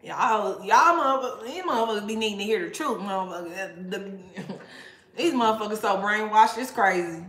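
A woman's voice: medium pitch, moderate pace, a bit bright, roomy sound. A woman tarot reader talking casually to viewers, blunt and profane, laughing often. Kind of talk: casual tarot reading livestream rant.

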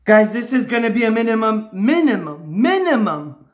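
A man filming himself scratching lottery tickets, bursting into loud repeated exclamations and catchphrases. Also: sits high, lively intonation, normal speed. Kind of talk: live reaction while scratching tickets. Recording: roomy echo.

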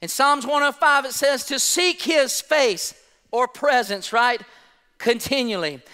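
A male pastor delivers an impassioned sermon in a very high, crisp voice. He retells scripture in plain everyday language. His voice carries through a church hall with a long echo. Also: unhurried, sharp tone. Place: church sanctuary.

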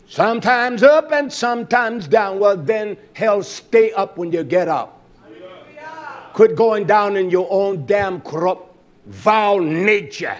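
Male preacher, fairly high-pitched, fiery and blunt, swings between shouting and muttering. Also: lively intonation, takes it slowly, long pauses. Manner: blunt, salty language. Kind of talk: sermon.

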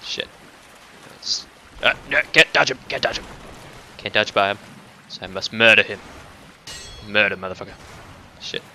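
Bright-voiced man swearing through a game. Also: lowish voice, flat delivery, normal speed, long pauses, slight background noise. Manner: profane, talks back to enemies, swings between mutters and outbursts. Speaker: gameplay commentator. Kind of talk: casual let's-play commentary.

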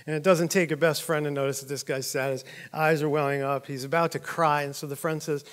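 A man's voice: fairly high pitch, fairly even intonation, quick pace, few pauses, a bit bright, in a large hall. A male pastor preaching to his church with a swollen jaw after oral surgery, joking at his own expense and acting out dialogue in his stories. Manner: joking and self-deprecating, acts out dialogue. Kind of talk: sermon. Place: church auditorium.

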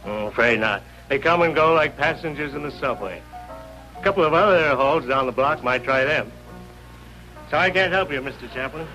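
Man playing a folksy old doorman, fairly high, bright voice, faint music under it. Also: lively intonation, moderate pace, close to an everyday voice, low-quality recording. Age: older. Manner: slangy, folksy talk. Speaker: doorman at a rehearsal hall. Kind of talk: 1950s TV drama acting. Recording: 1950s TV soundtrack with faint music.

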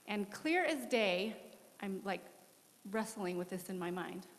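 A woman in her forties giving a candid, animated missionary testimony during a church interview. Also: mid-range voice, a little slow. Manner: candid, animated storytelling with laughs. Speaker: missionary guest. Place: church worship center. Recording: echoey church hall.

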